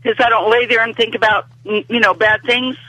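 A woman calling in to a radio show, talking in a rambling, halting way. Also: on the high side, steady tone, pushed and bright, dry recording. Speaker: caller. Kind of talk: phone-in chat. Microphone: phone. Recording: tinny phone line.

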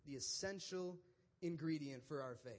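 A young man preaching a sermon in a casual, conversational way, retelling a story with animated asides and frequent "like" and "right?". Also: on the high side, normal speed.

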